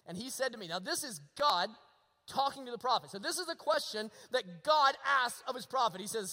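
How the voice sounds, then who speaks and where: A male pastor preaching a sermon, using rhetorical questions and swinging between hushed and emphatic delivery. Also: extremely high pitch, expressive, a little fast, big-room sound.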